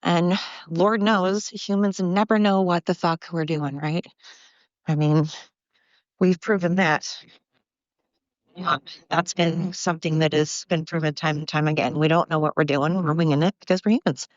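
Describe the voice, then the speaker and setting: Holding her phone as she walks her dogs along a river, a breathless podcast host from Oregon delivers a rambling monologue in a low, fairly even voice at a moderate pace. Blunt and freely profane, she wanders between subjects. The sound is lo-fi with no echo.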